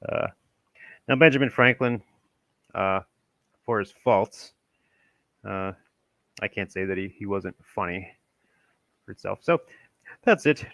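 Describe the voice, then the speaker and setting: A man's voice: lowish voice, a bit bright, dry recording. A young man from Maryland, talking casually and rambling through an old text with many restarts and chuckles, as a channel host.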